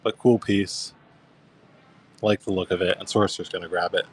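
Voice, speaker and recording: A man's voice: low voice, steady tone, normal speed, a little hiss or hum. A young man casually hosting a live coin auction stream, describing each piece and thanking bidders by name.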